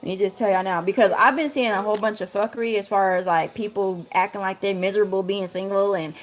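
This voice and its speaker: A woman's voice: medium pitch, steady tone, quick pace. A young woman ranting on a casual livestream, blunt and profane. She piles up slangy asides and talks with lots of animation. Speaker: livestream host.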